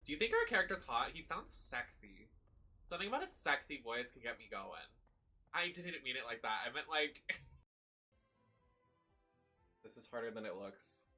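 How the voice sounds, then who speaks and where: A man giving live commentary on a video game, excitable and profane, shrieking when thrilled. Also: mid-range voice, moderate pace, pauses often. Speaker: streamer. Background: faint game music.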